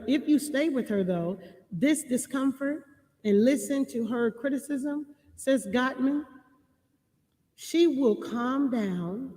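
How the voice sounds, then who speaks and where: Slow, deliberate woman giving marriage advice. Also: fairly high pitch, warm tone, long reverb tail. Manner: slow, deliberate, repeats lines for emphasis. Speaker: relationship advice speaker. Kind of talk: reading and commenting on a marriage book.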